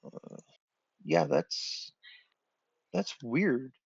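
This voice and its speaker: A gravelly man talks casually over a dull, lo-fi voice chat line. His voice is dry and close, with no room sound at all, as he works through an online tabletop session. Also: mid-range voice, sing-song, extremely slow, no room sound. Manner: talks to his child off-mic mid-game.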